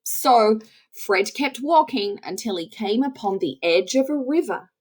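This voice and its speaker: A woman reading a children's story aloud in a slow, expressive storytelling way. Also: fairly high pitch.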